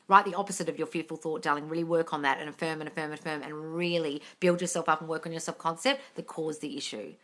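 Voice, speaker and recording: A woman's voice: low-pitched, steady tone, quick pace, hardly any pauses, fairly bright tone. A woman answering chat questions on a live stream, blunt and sweary, calling her viewers darling. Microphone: phone on a live stream.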